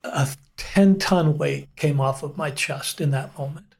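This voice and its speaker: Middle-aged male pastor, guest: slow, earnest testimony, voice sits a bit high. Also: gravelly, a little mellow. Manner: earnest, unhurried storytelling with frequent pauses. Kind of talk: personal testimony in conversation.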